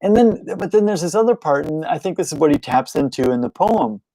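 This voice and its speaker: A man's voice: on the high side, animated, brisk, dark tone, no echo, low-quality recording. A young man hosting a loose, unscripted show at home, rambling and correcting himself as he goes and chuckling often. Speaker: podcast host. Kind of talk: casual unscripted monologue. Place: home room, lit with a clamp light.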